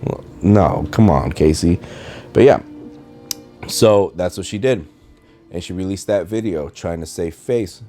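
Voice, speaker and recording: A podcast host talks casually from home, rambling and often losing his train of thought, his English carrying a slight Spanish accent with rolled R's. His voice is deep and dark-toned, unhurried, with frequent pauses. A dishwasher runs and faint video game music plays in the background.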